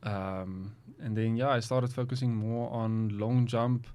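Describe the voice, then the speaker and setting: Casting: young athlete, smooth voice, relaxed and hesitant. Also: male voice, mid-range voice, unhurried. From South Africa. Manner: relaxed, hesitant with many ums. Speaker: athlete guest. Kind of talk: casual interview chat.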